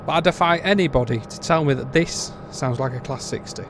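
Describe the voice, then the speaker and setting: Brief: British male reviewer, blunt and fed up, casual rambling commentary, average pitch, faint ambient noise behind. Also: brisk. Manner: blunt, exasperated, rambling with restarts. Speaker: game reviewer.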